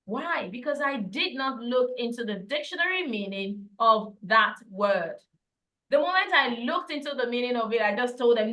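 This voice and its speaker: Woman, speaking coach, fairly high, bright tone, firm drilling delivery. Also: animated, moderate pace, rough recording. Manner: emphatic, repeats key phrases for drill. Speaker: speech and pronunciation teacher. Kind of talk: instructional lesson.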